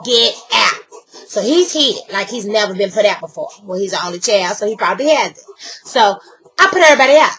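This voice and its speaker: In a roughly recorded clip, an older woman speaks to camera as a vlogger, her mid-range voice fairly quick. She's animated and sassy, telling a casual story and performing other people's lines.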